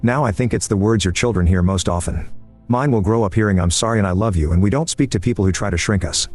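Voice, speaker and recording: A man reading a first-person story aloud in an even, measured scripted narration. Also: lowish voice. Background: faint background music.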